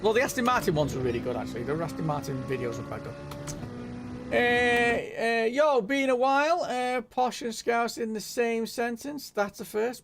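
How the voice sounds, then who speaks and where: A man from northwest England with a mild Merseyside accent hosts a sim racing live stream, rambling chattily and repeatedly saying "know what I mean," with game music playing underneath. His voice is very high and fairly bright, with lively intonation at a moderate pace.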